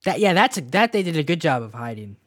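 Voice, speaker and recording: This Canadian man co-hosts a podcast, chatting casually and trading jokes with a friend in an animated way. His voice is a little high and he talks fast.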